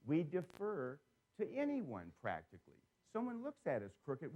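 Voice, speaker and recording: A man giving a seminar talk to a live audience, telling stories in an animated way and putting questions to the crowd. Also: medium pitch, normal speed. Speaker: seminar speaker.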